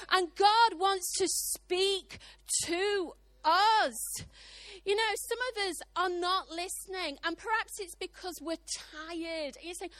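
A woman preacher with a British accent, high-pitched and bright, delivering a lively sermon. She is middle-aged and throws herself into the voices in her stories. The sound is close and dry. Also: no room sound. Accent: British English. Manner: animated, acts out voices of God and others.

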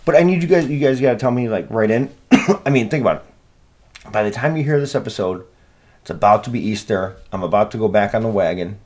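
Husky profane man ranting. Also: lowish voice, lively intonation, fast, a little mellow. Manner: profane, rambling, self-deprecating. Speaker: podcast host. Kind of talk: casual solo podcast rant.

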